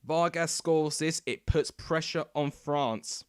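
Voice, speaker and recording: Excitable male watchalong host, slightly high, smooth voice, dry close mic, live play-by-play. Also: slow pace, no room sound. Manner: excitable, erupting into shouts at goals. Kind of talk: live match commentary. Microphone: desk microphone.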